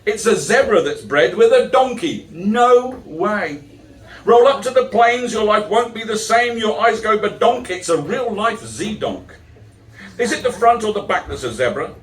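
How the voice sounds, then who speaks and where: A middle-aged man giving a live poetry performance, mixing rhyming verse with wry, self-mocking asides. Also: high voice. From England. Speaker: poet. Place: chapel venue. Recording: roomy, distant live recording.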